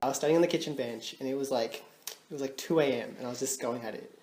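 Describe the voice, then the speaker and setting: A man's voice: mid-range voice, fast talker. A young man, co-hosting a podcast, telling funny stories with lots of laughter and acted-out dialogue. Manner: animated, laughs often, acts out quoted dialogue. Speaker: podcast co-host. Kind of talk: casual storytelling. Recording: echoey room with faint noise.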